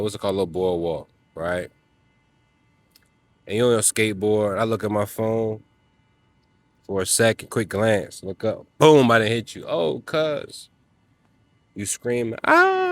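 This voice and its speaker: A man's voice: fairly low pitch, a bit bright, no room sound. A man giving a motivational talk to other men, emphatic and preachy, speaking in casual slang. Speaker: self-help vlogger.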